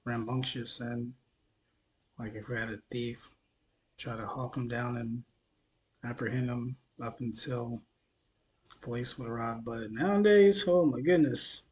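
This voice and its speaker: A man's voice: medium pitch, fairly even intonation, a little slow, long pauses, darkish tone. A man from Mississippi, talking loosely in a news commentary vlog, tired and dehydrated after the gym, rambling and stumbling over his words. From Mississippi, USA. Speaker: news vlogger.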